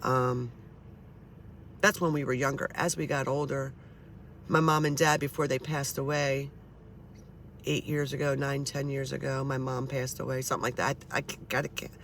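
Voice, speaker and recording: A woman's voice: extremely low pitch, level tone, normal speed, fairly bright tone, slight background noise. A woman telling personal ghost stories in a blunt, chatty way, swearing freely. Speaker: storyteller. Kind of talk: casual storytelling.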